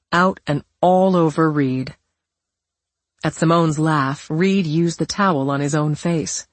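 A woman narrates an audiobook in a low, husky voice. Her reading is measured and expressive. The sound is close and dry, with no room around it. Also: dry recording. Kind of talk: scripted narration.

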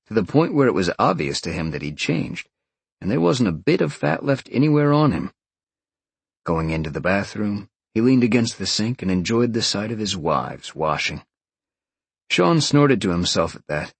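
A man's voice: lowish voice, sing-song, moderate pace, gravelly, breathy edge, no room sound. A man reading a fantasy novel aloud as an audiobook narrator, telling the story expressively. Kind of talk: scripted narration.

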